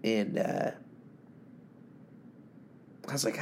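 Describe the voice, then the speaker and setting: A man's voice: lowish voice, lively intonation, measured pace, gravelly, a little mellow, slight background noise. A man in his thirties, sick with covid, delivering a profane, sarcastic, rambling recap monologue for a fantasy league podcast. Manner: sarcastic, swearing, ranting, laughing at own jokes.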